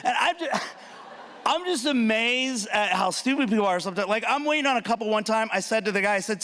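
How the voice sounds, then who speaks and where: A man performing a stand-up comedy routine, animated and punchy, talking straight to the audience with quick asides. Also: high-pitched. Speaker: student speaker. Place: large hall.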